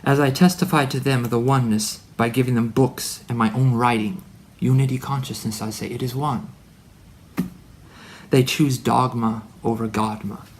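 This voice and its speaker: A man delivering a rambling spiritual monologue to his son. He is preachy and full of wordplay, and he swings from loud declarations to hushed asides. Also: medium pitch, fairly even intonation, moderate pace, slight background noise. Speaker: religious speaker addressing his son.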